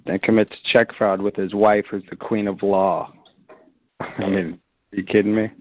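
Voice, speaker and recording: A man's voice: lowish voice, flat delivery, normal speed. A man from Texas calling in to challenge the guest, mocking and stammering as he presses his questions. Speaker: caller. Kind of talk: heckling casual talk. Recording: tinny phone-line audio.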